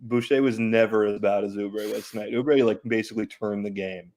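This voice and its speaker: A man's voice: lowish voice, fairly even intonation, a little fast, a little mellow. A man co-hosting a casual sports talk show who speaks hesitantly, with many fillers, before making a firm point. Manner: hesitant, filler-heavy, then emphatic. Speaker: podcast co-host.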